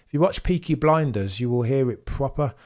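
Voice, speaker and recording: Brisk and lively in intonation, a man with a medium-pitched, darkish voice hosts a casual live watchalong. He comes from the Birmingham area of England with a mild Brummie accent, and he reads viewers' comments aloud while chatting and making wry asides.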